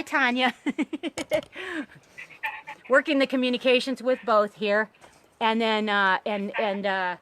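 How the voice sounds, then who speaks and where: A woman's voice: on the high side, fairly bright tone, slight background noise. Upbeat woman teaching hula hooping. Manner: upbeat, chatty, encouraging. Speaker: hula hoop instructor. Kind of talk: live online workshop teaching. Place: outdoors by a pond.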